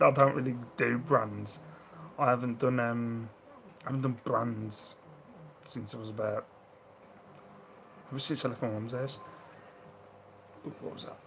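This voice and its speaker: Chatting casually on a home live stream, a man who resells second-hand items reads viewer comments, laughs often, and performs the voices of people he describes. His medium-pitched voice is creaky and a bit bright. A little hiss or hum runs through the low-quality recording.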